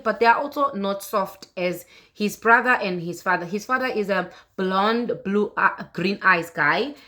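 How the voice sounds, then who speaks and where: A woman's voice: medium pitch, pushed and bright. A woman vlogger in her thirties telling a personal story to camera, earnest and repeating herself with fillers.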